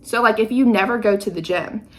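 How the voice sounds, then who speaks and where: A woman in her thirties hosting a podcast, explaining ideas in a chatty, teacherly way with lively emphasis. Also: medium pitch, a little fast. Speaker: podcast host.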